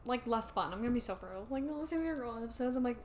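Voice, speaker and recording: A woman's voice: a little high, lively intonation, very fast, slight background noise. A young woman co-hosting a podcast, giggly and teasing in casual chat. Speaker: podcast co-host.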